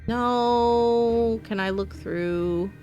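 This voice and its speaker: A woman's voice: medium pitch, animated, a little slow, highs cut off, soft background music. Chatty young woman streamer thinking aloud. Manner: chatty, thinking aloud, jumping between thoughts. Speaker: streamer playing a mystery game. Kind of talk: casual live-stream commentary.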